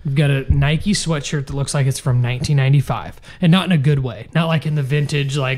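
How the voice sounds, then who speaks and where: A man's voice: mid-range voice, fairly even intonation, a little fast, few pauses, a little mellow. A young man co-hosting a podcast in casual chat, exasperated and ranting with plenty of swearing. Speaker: podcast co-host.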